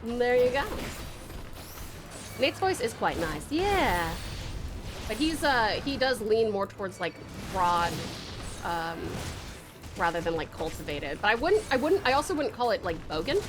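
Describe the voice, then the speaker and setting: A woman's voice: mid-range voice, sing-song, measured pace, long pauses, music in the background. A young Australian woman streaming a game, chatting in a bubbly, giggly way and swearing freely. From Tasmania, Australia. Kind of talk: casual game stream chat.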